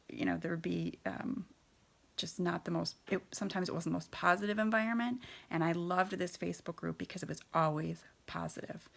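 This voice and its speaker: Candid woman in her thirties, low creaky voice. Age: 30s. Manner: candid, hesitant, many fillers and restarts. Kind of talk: personal storytelling.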